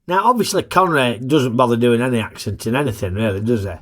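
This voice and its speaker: A man's voice: medium pitch, fast, a little hiss or hum. A man, hosting a casual, jokey film review in a chatty, plain-spoken way.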